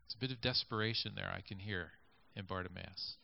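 Here a male preacher talks through his sermon in a conversational way, reading scripture and inviting the audience to imagine each scene. His voice is low-pitched with vocal fry, and he moves fairly quickly. The recording sounds dull and lo-fi.

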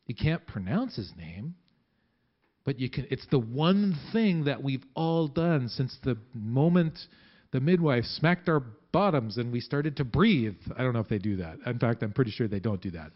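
A man's voice: mid-range voice, muffled recording. A man preaching a sermon in a church, talking conversationally and often restarting his sentences. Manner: conversational, halting with many restarts. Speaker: pastor.

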